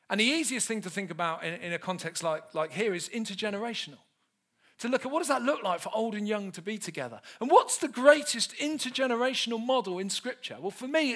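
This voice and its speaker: Swinging widely in pitch, with a voice that sits high for a man, this thirtysomething preacher delivers a humorous sermon. He tells animated stories that poke fun at himself.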